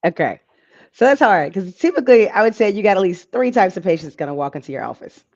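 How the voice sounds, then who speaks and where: A woman doctor talks casually as a guest, lively and at ease, slipping into the voices of patients to make her points. Her voice is at a middle pitch. The recording is slightly dull and muffled. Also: quick pace. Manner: animated, acts out patients' voices. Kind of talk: casual interview talk.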